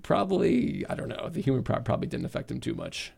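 Man in his 40s, New England accent, gravelly voice, chatty and joking, casual podcast co-host. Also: mid-range voice, sing-song, fast talker, a little mellow. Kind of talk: casual chat.

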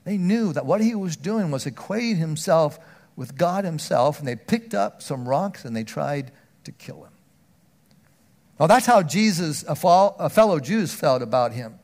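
A man preaching a sermon, earnest, often restarting words, swinging from loud emphatic stretches down to a near hush. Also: on the high side, expressive, normal speed.

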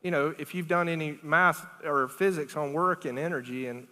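A middle-aged male pastor preaching a lively, conversational sermon, asking the congregation questions and laughing often. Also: a little high, moderate pace. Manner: animated, conversational preaching with big swings in loudness. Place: church sanctuary. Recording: long reverb of a church hall.

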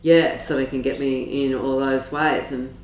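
A woman's voice: very deep voice, little pitch movement, unhurried, a little mellow. A woman, an astrologer being interviewed, telling stories with eager, wandering enthusiasm. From Australia. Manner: enthusiastic, digressive storytelling. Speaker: astrologer guest. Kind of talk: interview conversation. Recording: roomy, distant mic with faint noise.

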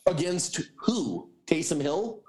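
A man's voice: on the high side, sing-song, slow, warm tone. A man co-hosting a casual sports betting chat, moderating the picks with teasing asides.

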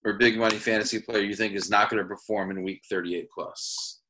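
A man's voice: on the low side, steady tone, sharp tone, a little hiss or hum, low-quality recording. A man with a New England accent hosting a casual fantasy football podcast, joking and hesitating as he runs the segments. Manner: jokey, hesitant, quick to question others. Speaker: podcast host. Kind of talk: casual sports chat.

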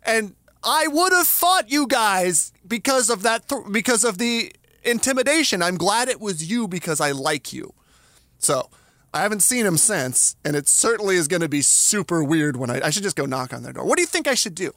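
Animated, expressive man telling a story. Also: high voice, normal speed, dry recording. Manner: animated, emphatic, acts out quoted voices. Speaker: podcast co-host. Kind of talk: casual chat, storytelling.

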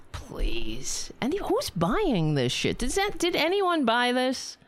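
A woman host giving political commentary, taking her time over each phrase while her pitch swings widely. She sounds sarcastic and indignant and swears freely, and her voice sits dry and close to the mic. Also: huge pitch swings, measured pace, no room sound. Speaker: show host.

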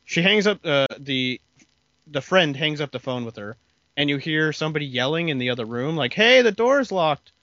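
A man's voice: on the high side, fairly quick, bright, forceful tone, no room sound, muffled recording. A man co-hosting a podcast, recapping a story in a rambling way with lots of fillers. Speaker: podcast co-host. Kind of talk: casual chat.

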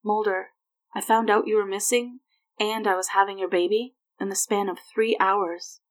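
Woman reading as a gentle grown woman, soft-spoken, hesitant, quiet, middling pitch. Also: fairly even intonation, moderate pace, lightly acted.

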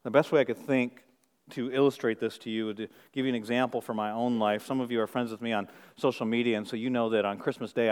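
Fast-talking pastor in a big hall. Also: male voice, medium pitch, clean tone. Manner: animated, self-mocking storyteller who acts out quotes. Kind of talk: storytelling sermon.

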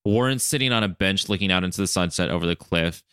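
Fast and smooth, with a low voice, this podcast co-host retells an episode in casual, animated conversation, performing the characters' lines along the way. The audio is studio-clean without room sound.

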